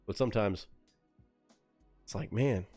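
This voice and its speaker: A man from Texas with a Texan accent, ranting and reading chat on a casual live stream, profane and animated, slipping into voices to mimic people. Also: medium pitch, a little fast, faint music behind.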